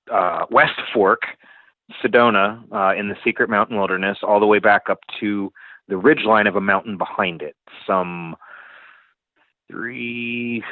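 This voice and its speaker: A man's voice: on the low side, no room sound. A man in his forties, a guest telling a story in casual, profane and vivid talk. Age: 40s. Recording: tinny phone-like, dry.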